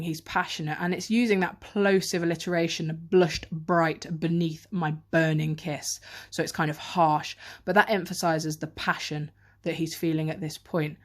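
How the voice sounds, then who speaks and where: A woman teacher giving a revision lesson on a poem, reading quotes aloud and explaining them in close analytical detail, recorded on a handheld camera. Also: fairly low pitch.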